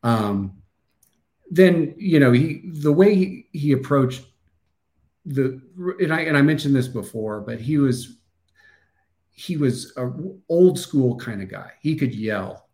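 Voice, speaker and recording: Gravelly Midwestern man, halting reflective guest. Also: medium pitch, animated, a little mellow. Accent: Midwestern American. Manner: thoughtful, halting with restarts and fillers. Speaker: podcast guest, former wrestler. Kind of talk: casual interview talk.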